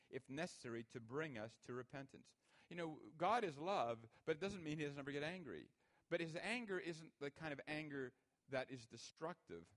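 A man preaching a sermon to a congregation, acting out everyday scenes and raising his voice for emphasis. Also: fairly high pitch. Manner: animated, acts out little scenes in raised voice. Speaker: pastor.

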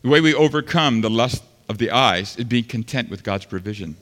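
A man preaching a sermon as pastor, swinging between loud fervent passages and quiet, earnest stretches. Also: medium pitch, expressive, a little fast. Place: large church sanctuary. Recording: long hall reverb.

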